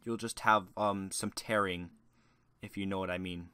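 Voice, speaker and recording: Crude young man, bright dry voice. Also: low voice, fairly even intonation, normal speed, clean tone, dry recording. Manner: crude, rambling, shifts between shouting rants and mumbling. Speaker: YouTuber. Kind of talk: joke Q&A monologue.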